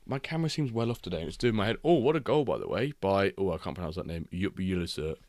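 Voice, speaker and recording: A man, chatting casually and reacting excitably while hosting a live football watchalong stream. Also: low-pitched, quick pace, dry recording. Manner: rambling, excitable reactions to match action.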